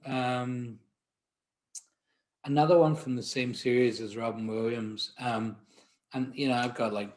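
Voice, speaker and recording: A man's voice: mid-range voice, steady tone, a little slow, long pauses, darkish tone. A man with a Glaswegian accent, a portrait photographer giving a conference talk, telling chatty, self-deprecating stories with frequent restarts. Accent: Scottish, Glaswegian. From Glasgow, Scotland. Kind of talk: anecdotal presentation.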